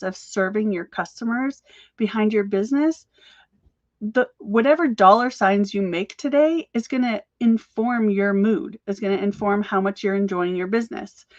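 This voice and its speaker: A woman giving an energetic, encouraging motivational talk as a business coach, talking fast. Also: medium pitch, no echo, lo-fi sound.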